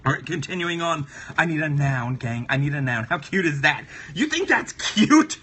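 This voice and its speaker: A man's voice: on the high side, a little fast, bright, forceful tone, a little hiss or hum. A man hosting a casual live stream, drawing while he chats with viewers in a playful, giggly way. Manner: playful, giggly, talks to viewers and repeats catchphrases. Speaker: livestream host.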